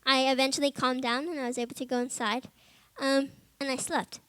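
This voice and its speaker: A young woman with a bright, high voice shares a personal testimony with fellow students. She talks informally, leaning on "like" and "um", and turns quiet and earnest as the story gets heavy. The sound is close and dry. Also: flat delivery, fairly quick, no echo. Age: young adult. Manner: earnest, soft and subdued in heavy moments. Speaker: Bible college student.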